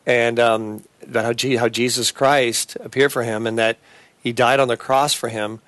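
A man hosting a Christian talk show, talking earnestly and haltingly, with many fillers and restarts. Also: mid-range voice, level tone, fairly bright tone, dry recording. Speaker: host.

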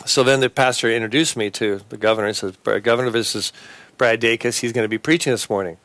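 Man, christian talk host, halting speech, fillers and restarts, dry close sound. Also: mid-range voice, steady tone, fairly bright tone, dry recording. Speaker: show host and preacher. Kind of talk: conversational Christian talk show.

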